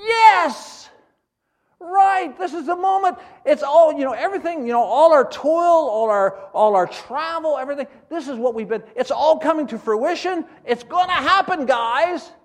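Brief: man voicing an eager ambitious disciple, high-pitched, excited and pleading. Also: normal speed, long pauses. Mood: elated.

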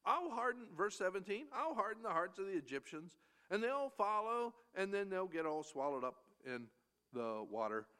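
A man delivers a verse-by-verse sermon, his voice sitting a little high for a man. His pitch leaps and falls with great liveliness as he moves between loud, emphatic lines and hushed, almost whispered asides. Scripture passages come slow and measured, in a stately old-fashioned cadence. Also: big pitch swings, clear, resonant tone. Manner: reads verses in slow King James cadence. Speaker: preacher. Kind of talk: expository sermon reading scripture.

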